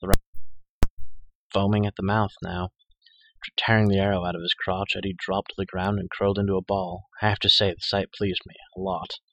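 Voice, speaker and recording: A man narrating a dark urban fantasy audiobook in the first person, with dramatic, measured storytelling. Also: deep voice, level tone, no echo, poor audio.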